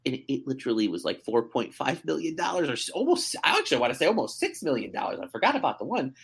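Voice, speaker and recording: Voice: mid-range voice, wildly swooping pitch, quick pace, gravelly, breathy edge. A real estate agent chatting casually as a podcast guest, telling stories animatedly with many fillers and restarts.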